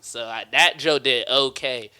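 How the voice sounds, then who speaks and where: A young man casually telling a comedy story, lively, laughing often and acting out the people in it. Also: medium pitch, a little slow, clean tone. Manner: animated, acts out voices of others, laughs often.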